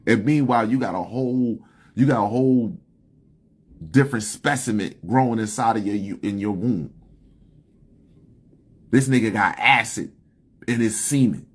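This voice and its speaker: Husky man ranting on a live stream. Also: normal speed, long pauses. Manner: heated, profane, rises high when worked up. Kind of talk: casual live stream rant. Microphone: phone.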